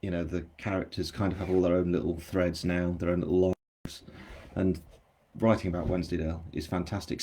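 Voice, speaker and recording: A man's voice: low-pitched, steady tone, a little fast, dark tone, slightly rough. An English man with a general English accent, an author chatting casually on a live stream, rambling and self-deprecating as he answers viewer comments. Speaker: author hosting his book launch.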